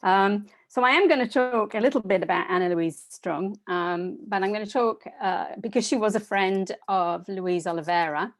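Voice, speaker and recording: A woman researcher giving a conference talk over a video call, in a conversational, lightly joking way. Her voice sits at a middle pitch. The sound is dry and close. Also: normal speed, hardly any pauses, no room sound. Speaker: geography researcher and panelist. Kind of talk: academic presentation. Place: home office on a video call. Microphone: computer mic on a video call.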